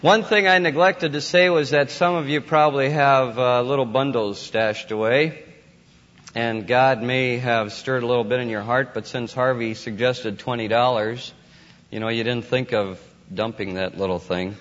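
A man giving a folksy, informal sermon as a conference speaker. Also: moderate pace. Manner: folksy, rises to excited high voice in anecdotes. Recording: dull lo-fi audio in a hall.

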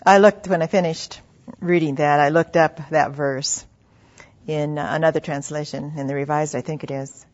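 A middle-aged woman preaching a devotional sermon, earnest and intimate, sometimes dropping to a soft hush. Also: low voice, fairly even intonation, normal speed. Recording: slightly dull lo-fi recording.

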